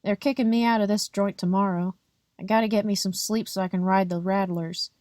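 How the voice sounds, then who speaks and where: A woman's voice: mid-range voice, steady tone, a little fast, a little mellow, no echo, clean studio sound, close to an everyday voice. A woman voicing a grumbling male vagrant complaining from his bunk in an audiobook.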